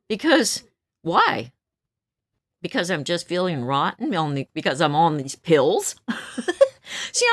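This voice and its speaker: A woman in her seventies talks straight into the mic in a blunt, stern, outspoken way. Her voice sits low and moves slowly, yet leaps widely up and down in pitch. The recording is dry and close. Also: dry recording. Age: 70s. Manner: blunt, stern and outspoken, laughs between remarks. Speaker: vlogger. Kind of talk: casual venting monologue.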